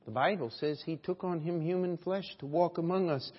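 Earnest pastor preaching in a reverberant hall. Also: male voice, a little high, brisk, breathy edge. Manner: earnest, rhetorical questions, shifting between hushed and loud. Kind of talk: sermon. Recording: dull sound in a reverberant hall.

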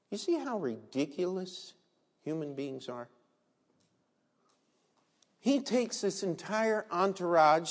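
High-voiced man preaching in a hall. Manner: animated storytelling preaching with rhetorical questions to the congregation. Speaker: pastor. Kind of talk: sermon. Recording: long reverb in a large hall.

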